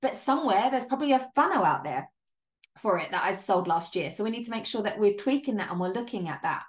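Fast and lively in intonation, her mid-range voice carries a solo business podcast. The host, a business coach, keeps things upbeat and emphatic, swearing casually, laughing and leaning heavily on "like."

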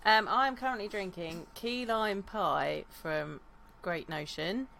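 A woman co-hosting a podcast, talking in an easygoing, relaxed way with some fillers. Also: medium pitch, slow, creaky, slight background noise, poor audio. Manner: relaxed, easygoing, brief agreeing replies. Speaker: podcast co-host. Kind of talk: casual chat.

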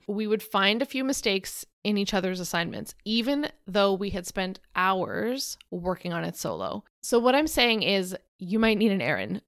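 A woman's voice: medium pitch, a bit bright, clear, resonant tone, dry recording, clean studio sound. A young woman hosting a solo podcast, talking in a chatty, candid and self-deprecating way. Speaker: podcast host.

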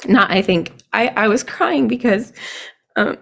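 A tearful woman participant fights to compose herself as she speaks. She talks slowly, halting and searching for words, and her voice sits a little high. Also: lively intonation, vocal fry, fairly bright tone. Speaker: program participant.

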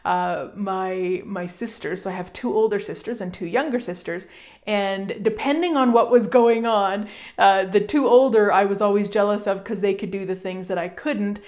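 A middle-aged woman hosting a casual self-help talk, chatty and animated, with fillers and emphatic asides. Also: medium pitch, moderate pace. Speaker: podcast host.

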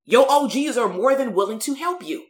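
A woman's voice: on the high side, lively intonation, a little fast, roomy sound. A middle-aged woman who is a therapist and business coach, telling a candid story to a live audience in a blunt, streetwise way and swearing freely.

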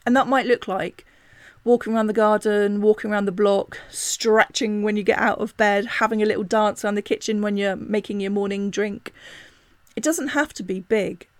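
A woman's voice: medium pitch, fairly even intonation, normal speed, dry recording. A woman hosting a spiritual self-help podcast, talking casually and reflectively with many asides and self-corrections. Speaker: podcast host.

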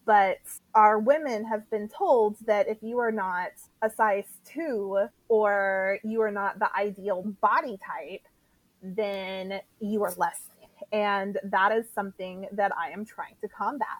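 A woman guest on a podcast, her voice sitting mid-range and heard quite dry and close. She talks earnestly and fast, now and then stumbling over her own words. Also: mid-range voice, steady tone, no room sound, rough recording. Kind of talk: casual podcast chat.

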